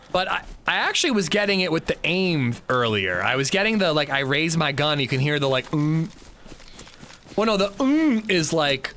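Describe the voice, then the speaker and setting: A man's voice: mid-range voice, sharp tone, slight background noise. A man streaming a game, chatting casually and rambling in a self-mocking way. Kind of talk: casual chat while gaming.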